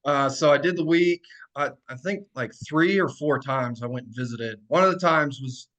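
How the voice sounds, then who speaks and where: Man, thirties, podcast guest, middle pitch, easygoing anecdotal delivery, filler-heavy. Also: moderate pace. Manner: relaxed, many fillers, laughs while telling stories. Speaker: podcast guest, strength coach. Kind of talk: casual storytelling.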